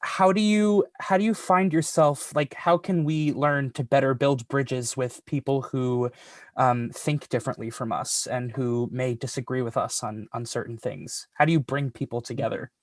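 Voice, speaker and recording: A man's voice: mid-range voice, steady tone, no room sound. Hesitant man asking, dry close sound. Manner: hesitant, halting phrasing. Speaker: interviewer. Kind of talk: casual video-call interview.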